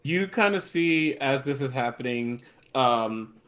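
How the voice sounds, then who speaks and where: A man's voice: mid-range voice, expressive, slow, a bit bright. A man playing a tabletop role-playing game, casually describing his character with lots of fillers. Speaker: player.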